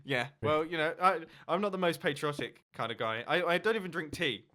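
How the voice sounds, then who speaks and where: A man's voice: a little high, brisk, pushed and bright. A young English man rambling and laughing in a casual chat while playing a game. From England. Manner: giggly, rambling, self-deprecating. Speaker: Minecraft YouTuber.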